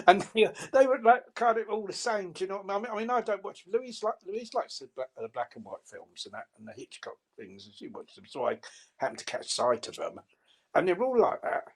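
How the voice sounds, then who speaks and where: A man's voice: high voice, lively intonation, a little fast. An older man chatting casually as a co-host, rambling with many restarts and laughs. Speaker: radio co-host. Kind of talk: casual chat.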